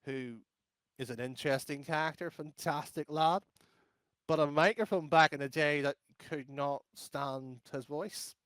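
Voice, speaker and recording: The speaker is an Irish esports caster guesting on a podcast, his voice a little high and fairly bright. He's unhurried yet blunt in this casual interview, rambling with many fillers and restarts. The recording has no room sound.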